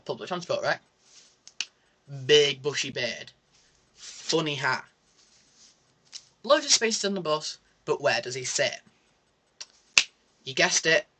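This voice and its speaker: A young man telling a story in a casual vlog, ranting sarcastically about a bus trip. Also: fairly high pitch. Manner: animated, sarcastic ranting with mock French asides. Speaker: vlogger.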